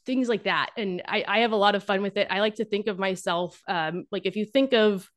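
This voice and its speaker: A young woman who creates dating content chats casually as an interview guest, her mid-range voice brisk and humorous. Her speech is full of fillers and restarts.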